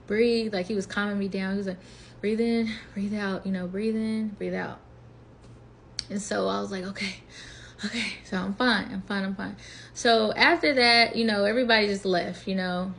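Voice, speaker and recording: A woman's voice: medium pitch, gravelly, a little hiss or hum. A woman in her twenties telling a personal story in a casual, chatty vlog, acting out what she thought and said. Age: 20s. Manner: chatty, animated retelling with quoted inner voice. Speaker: vlogger.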